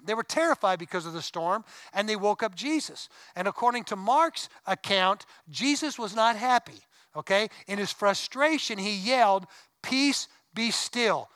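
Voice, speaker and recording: A middle-aged male pastor delivers a sermon in a high, bright voice. His tone is clean and smooth, and the sound is dry and close. He preaches conversationally, with asides and bursts of emphasis. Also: no echo, poor audio. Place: church sanctuary.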